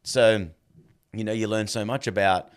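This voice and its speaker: A dog trainer appearing as a podcast guest chats casually, telling stories in an animated way and acting out the quoted dialogue. His voice is fairly low, clear and resonant, at a normal speed.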